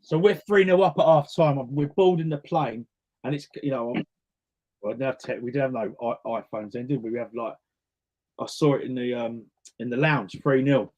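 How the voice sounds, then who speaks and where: A man's voice: medium pitch, steady tone, moderate pace, a little mellow. A man, talking casually as a guest in an interview and acting out the voices of the people in his stories. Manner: chatty storyteller, acts out quoted voices. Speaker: guest singer.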